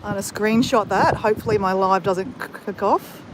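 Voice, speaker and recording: Fairly quick and medium in pitch, an Australian woman's voice carries a casual live stream from the phone she holds on a windy coastal walk. She is enthusiastic and constantly speaks to her viewers, with wind noise battering the recording.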